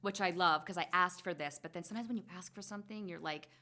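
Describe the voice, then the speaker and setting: A woman's voice: fairly low pitch, quick pace, bright, forceful tone. A woman in her forties, a salon co-owner, telling her story candidly in casual podcast conversation, acting out remembered dialogue with lots of "like" fillers. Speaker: guest, salon co-owner and hairstylist.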